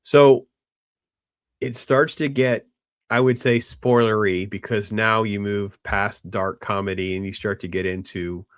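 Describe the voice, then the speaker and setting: A man hosting a casual film discussion, rambling with restarts and animated quoting of characters. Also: on the low side, a little slow, clear, resonant tone, dry recording, clean studio sound. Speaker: podcast host.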